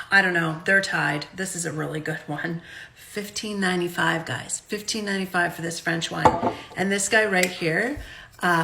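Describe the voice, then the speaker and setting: A woman from Canada talks about wines in her kitchen for a home vlog, loose and self-deprecating with no script. Her voice is mid-range, and background noise can be heard.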